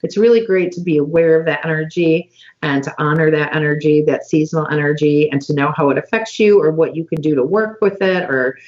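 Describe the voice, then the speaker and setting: A woman hosting a casual online conversation, listing items slowly with many fillers over a video call. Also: sits low, darkish tone, muffled recording. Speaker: podcast host.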